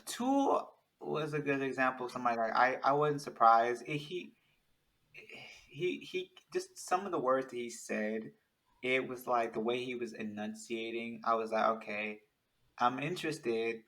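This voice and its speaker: A man talking in a casual, animated chat, rambling with many restarts. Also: mid-range voice, moderate pace, rough recording.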